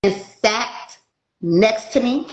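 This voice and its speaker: A woman's voice: fairly high pitch, takes it slowly, roomy sound, soft background music, rough recording. A woman, a spiritual light worker, telling a story in casual chat and acting out the dialogue. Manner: animated, acts out dialogue in her story.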